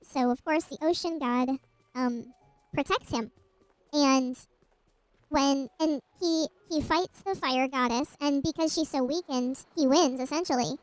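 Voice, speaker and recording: A woman's voice: high-pitched, measured pace, no echo, rough recording. A woman streamer casually retelling a myth while gaming, rambling with asides and restarts.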